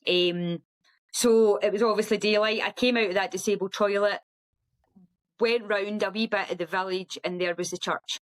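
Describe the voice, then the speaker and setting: A Scottish woman, a guest on an interview show, telling her story in a lively way and acting out the voices of the people in it. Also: mid-range voice, moderate pace, rough recording. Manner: animated storyteller who acts out quoted speech. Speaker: podcast guest, ultra runner.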